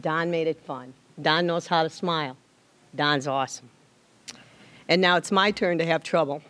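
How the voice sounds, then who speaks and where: A woman giving an emotional tribute speech at an awards dinner, tearful, halting and repeating words as her voice rises. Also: low-pitched. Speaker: tribute speaker.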